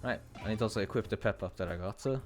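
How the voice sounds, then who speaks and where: A man's voice: fairly low pitch, very fast, darkish tone, faint music behind. A man streaming a game live, chatting with viewers, laughing often and reading the game text aloud.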